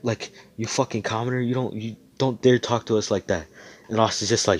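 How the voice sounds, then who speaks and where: Guy with a lowish voice rambling through a fan story, swears constantly, gets hyped, computer mic. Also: brisk. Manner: rambling, profane, excitable. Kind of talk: casual fan-fiction storytelling. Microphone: computer mic on voice chat.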